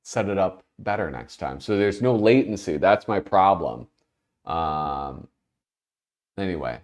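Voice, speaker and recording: A man hosts a casual livestream in a slow, unhurried way. His voice sits fairly low but rises and falls widely. He rambles, restarts his sentences and laughs in the middle of them. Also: lively intonation, a little mellow. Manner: rambling, self-interrupting, laughs while talking. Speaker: host.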